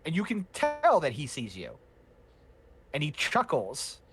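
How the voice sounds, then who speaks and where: A man narrating a tabletop game as game master, unhurried and hesitant, with many fillers and restarts. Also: on the high side, huge pitch swings, over music.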